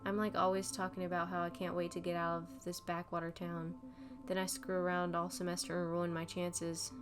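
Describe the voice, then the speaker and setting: A woman's voice: fairly low pitch, completely flat delivery, brisk, music in the background, close to an everyday voice. A woman voicing a distraught, insecure teenage girl who sounds bitter and self-loathing. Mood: upset.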